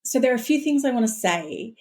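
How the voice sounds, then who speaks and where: A woman's voice: fairly high pitch, sing-song, quick pace, mellow. A woman, a historian and podcast guest, explaining her research eagerly and thinking aloud as she talks. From Australia. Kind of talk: podcast conversation.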